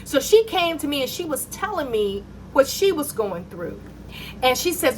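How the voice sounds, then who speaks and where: High-voiced woman telling her testimony. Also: moderate pace, a little hiss or hum. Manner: animated, acts out dialogue in her story. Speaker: mother telling a personal faith story. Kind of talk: personal testimony storytelling.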